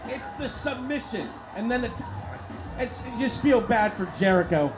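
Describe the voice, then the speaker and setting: A man hosting a live stream and commentating wrestling in an excitable, profane way that hollers at the action. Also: extremely high pitch, moderate pace. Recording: crowd noise and music behind.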